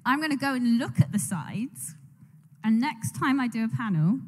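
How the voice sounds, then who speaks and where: A woman's voice: on the high side, expressive, normal speed, noisy background. A young woman telling a long, rambling story on a convention panel, laughing often and restarting her sentences. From England. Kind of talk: casual storytelling. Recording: echoey convention hall on a mic.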